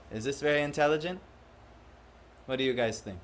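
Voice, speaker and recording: A man's voice: fairly high pitch, expressive, a little fast. Man teaching a devotional class. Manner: questions the audience, acts out quoted voices. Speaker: spiritual teacher. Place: room with a live audience.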